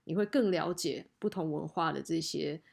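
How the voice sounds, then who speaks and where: A woman's voice: low-pitched, normal speed, gravelly, a little mellow. A woman teacher explaining clips in a chatty way, with frequent fillers and sentence-ending particles. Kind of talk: explanatory lesson commentary.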